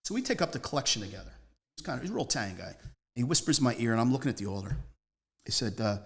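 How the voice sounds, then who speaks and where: A man, speaking at a mid-range pitch for a man. He tells his story as a guest in a loose, rambling way, leaning hard on key words and hopping from one anecdote to the next. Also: very animated, rapid-fire. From Northeast Philadelphia. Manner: rambling, emphatic, jumps between stories. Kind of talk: casual storytelling interview.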